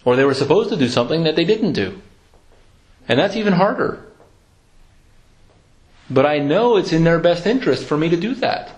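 A man preaching a sermon in an earnest, reflective way, slowing down to quote scripture. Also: on the high side, animated, darkish tone.

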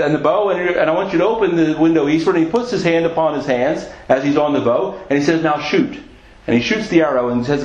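A man preaching a sermon as a pastor, earnest and repeating phrases for emphasis. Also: a little high. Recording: echoey, dull lo-fi church recording.

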